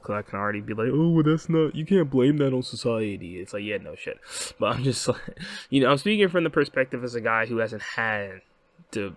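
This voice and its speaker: A man's voice: lowish voice, fairly bright tone, dry recording. Rambling young man, dry voice. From United States. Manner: rambling, frequent "right?", swearing. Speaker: host. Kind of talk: casual commentary vlog.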